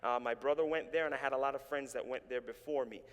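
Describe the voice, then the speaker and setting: A man's voice: medium pitch, fairly even intonation, fast, fairly bright tone. A man from Canada preaching a sermon in a church, telling his story with animation and calling on the congregation to respond. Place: church sanctuary. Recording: reverberant church hall.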